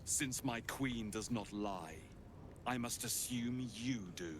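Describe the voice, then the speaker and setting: A man's voice: medium pitch, slow pace, noisy background, close to an everyday voice. A man voicing a grave, commanding male warrior in a video game who serves his queen. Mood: grim.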